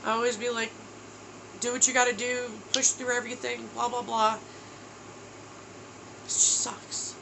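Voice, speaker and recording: A woman from New York in her thirties, worn down and tearful, opens up emotionally in a personal video diary and says "bro" along the way. Her slightly high voice is gravelly with little pitch movement, her pace brisk, and the background noisy.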